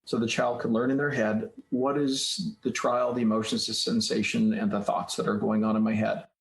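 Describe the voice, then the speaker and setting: A man's voice: lowish voice, little pitch movement, brisk, vocal fry. Guy on a podcast breaking stuff down step by step, kinda roomy echo on him. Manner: explanatory, teacherly, walks through steps. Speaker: guest author, child psychologist. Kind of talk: podcast interview. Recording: roomy echoey room sound.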